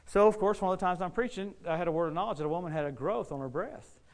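Preacher guy, kinda high voice, folksy and animated, tells stories from the pulpit and stumbles over words when he gets going. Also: fast. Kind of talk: storytelling sermon.

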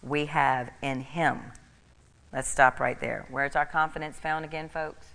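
A woman's voice: low-pitched, fairly even intonation, measured pace, vocal fry, fairly bright tone, long reverb tail. A middle-aged woman preaching a sermon, emphatic and repeating key phrases for stress.

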